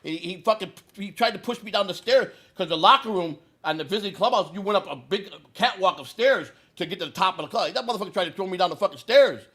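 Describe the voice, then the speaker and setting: A man's voice: high voice, fast, hardly any pauses. A man in his sixties from Chicago, telling a long story in a casual, profane way and acting out the lines of the people in it. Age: 60s. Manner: profane, animated storyteller who acts out quotes.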